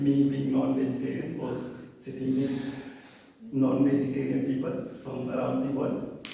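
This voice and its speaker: A man from India giving a relaxed, personal speech at a club meeting, chuckling between his points. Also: medium pitch, vocal fry, a little hiss or hum. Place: meeting hall. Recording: echoey hall, mic far off.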